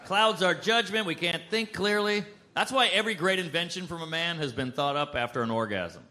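A man performing a stand-up comedy set on a club stage, with a punchy, brash delivery and quick asides. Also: fairly high pitch, animated, pushed and bright.

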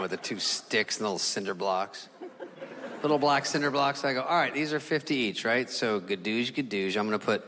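A man telling a stand-up comedy story, acting out the people in it with big jumps in his voice. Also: slight background noise. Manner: animated, acts out characters with big pitch jumps. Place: comedy venue stage. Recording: live room with long reverb and loud crowd.

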